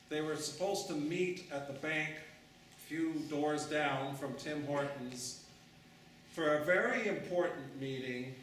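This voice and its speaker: Brief: man preaching, slow and dramatic, in a very echoey room, distant mic. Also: a little high, a bit bright, a little hiss or hum. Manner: dramatic, unhurried storytelling. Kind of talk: storytelling sermon.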